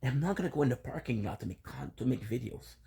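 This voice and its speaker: Upset husky man venting. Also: medium pitch, lively intonation, fast talker, warm tone. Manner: upset, repetitive, swearing. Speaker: content creator. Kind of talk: emotional venting vlog. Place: home balcony.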